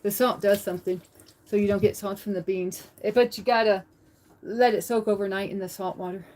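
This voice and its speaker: A woman's voice: medium pitch, steady tone, fairly quick, a little mellow, rough recording. A woman hosting a casual cooking livestream from her home kitchen, chatty and thinking aloud as she talks to viewers. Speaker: livestream host.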